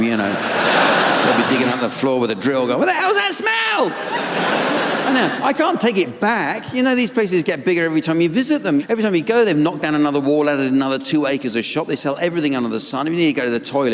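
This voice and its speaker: A man with an English accent doing a live stand-up routine in a dry, weary, deadpan manner on a theatre stage. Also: medium pitch. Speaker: stand-up comedian. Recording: live theatre with long hall reverb. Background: audience laughter and ambience.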